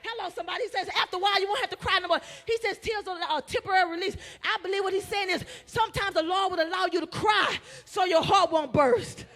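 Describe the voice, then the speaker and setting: A woman minister preaching a sermon in a church, swinging from hushed pleading to impassioned shouting with call-and-response. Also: very high-pitched, fast, hardly any pauses. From United States. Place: church sanctuary.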